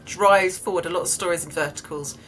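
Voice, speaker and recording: A woman's voice: lowish voice, fairly quick, a bit bright, slight background noise. A woman hosting an interview, chatting enthusiastically with laughs. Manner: enthusiastic, laughs, acts out quotes. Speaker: podcast host. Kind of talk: casual interview chat.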